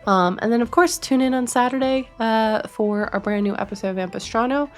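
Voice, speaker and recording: A woman game master wrapping up a stream in casual chat, upbeat and quick to laugh. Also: on the high side, soft background music.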